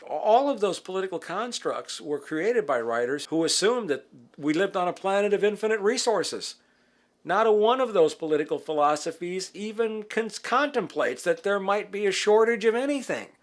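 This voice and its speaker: A man's voice: sits high, expressive, normal speed. A man giving a direct, pointed interview answer.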